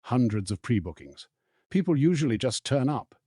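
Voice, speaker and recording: A man's voice: mid-range voice, sing-song, normal speed, warm tone, breathy edge, no room sound, studio quality, voice pushed up. A man voicing a wary, middle-aged campsite keeper with blunt, questioning speech in an audiobook reading.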